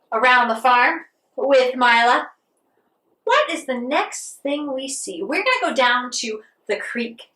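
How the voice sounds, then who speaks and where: Brief: high-voiced woman, kids' yoga teacher, playful and sing-song, heard from afar with a roomy echo. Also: far from the mic. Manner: animated, sing-song, talks to a child. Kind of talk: playful children's yoga lesson. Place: outdoors on a farm.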